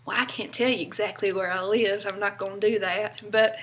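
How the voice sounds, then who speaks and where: Slight background noise sits under this young Southern-accented woman from North Carolina, USA, whose mid-range, fairly bright voice stays steady and a little fast. A vlogger talking casually to camera, she's chatty and rambling, full of fillers and small laughs.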